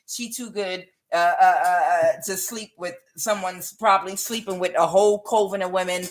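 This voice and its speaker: A middle-aged woman giving a casual tarot reading. She is chatty, laughs often and calls her viewers y'all. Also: lowish voice. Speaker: tarot reader.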